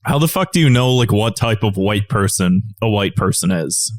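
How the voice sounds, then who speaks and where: A man's voice: lowish voice, animated, moderate pace. A man co-hosting a podcast in casual chat, rambling into exasperated, profane rants. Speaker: podcast co-host.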